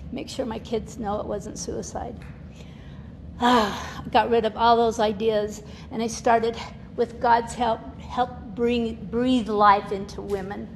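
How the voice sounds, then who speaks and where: A woman's voice: fairly high pitch, creaky. An older woman giving a candid, emotional personal testimony as a guest speaker at a recovery meeting, laughing often and acting out the voices of people she quotes. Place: meeting hall. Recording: reverberant hall with faint noise.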